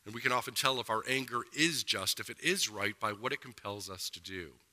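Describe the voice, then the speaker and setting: A man preaching a sermon as pastor, earnest, slowing down to stress his points. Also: medium pitch, pushed and bright, in a large hall. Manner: earnest preaching with slowed emphasis.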